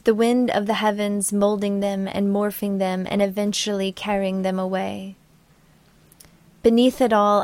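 Flat-voiced woman reading a dreamy memoir. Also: medium pitch, no echo. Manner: dreamy, poetic. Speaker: narrator.

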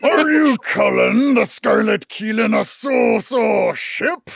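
Man playing a gruff growling pirate captain. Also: high voice, slow pace, fairly bright tone, no room sound, voice pushed up, full character voice. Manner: growling pirate talk, "arr" and "me".

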